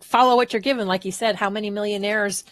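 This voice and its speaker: A woman's voice: medium pitch, steady tone, fast, fairly bright tone, no room sound. Woman hosting an interview, dry sound. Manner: affirming, asks open questions. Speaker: podcast host. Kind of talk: interview questions.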